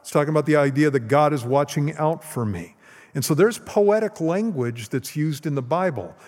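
A man's voice: fairly high pitch, animated, normal speed, darkish tone. Man preaching in a reverberant church hall. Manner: conversational, rhetorical questions to the congregation. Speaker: pastor. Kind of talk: teaching sermon. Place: church sanctuary.

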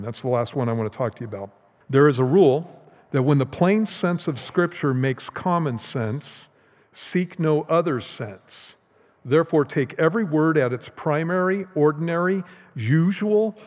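Male pastor, conversational teaching sermon, slightly raised pitch, long church-hall reverb. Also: a little mellow. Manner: conversational, rhetorical questions to the congregation. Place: church sanctuary.

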